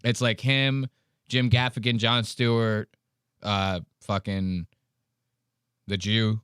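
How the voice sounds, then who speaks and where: A man's voice: fairly low pitch, level tone, slow pace, fairly bright tone, smooth, no echo, clean studio sound. A man hosting a podcast, casually reacting to a clip in a blunt, profane, mocking way. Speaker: podcast host.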